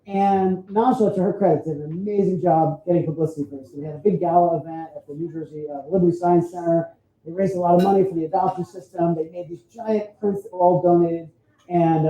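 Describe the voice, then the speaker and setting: A man's voice: on the high side, fairly even intonation, quick pace. A man photographer giving a chatty storytelling talk at an expo, often adding "right?" to his points. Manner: chatty, frequent "right?" tag questions. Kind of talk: storytelling presentation. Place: expo hall stage. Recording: roomy, dull sound.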